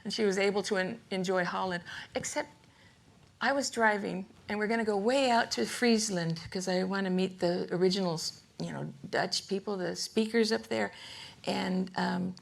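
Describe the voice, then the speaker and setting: An older woman giving a rambling, humorous artist lecture to a live museum audience, chatty and quick to laugh. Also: medium pitch, vocal fry. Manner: chatty, laughs often, self-interrupting. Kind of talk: rambling humorous storytelling talk.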